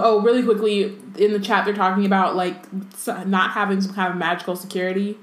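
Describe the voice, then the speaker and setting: A woman co-hosting a show, chatting in a relaxed way with lots of fillers. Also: medium pitch, fairly quick, hardly any pauses. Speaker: podcast co-host. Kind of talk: casual chat. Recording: echoey room.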